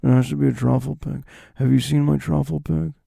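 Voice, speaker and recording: A man doing a comic impression of a quiet, understated man searching for his pig, mumbling flatly. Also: medium pitch, fairly quick, creaky, breathy edge, no room sound. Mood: deadpan.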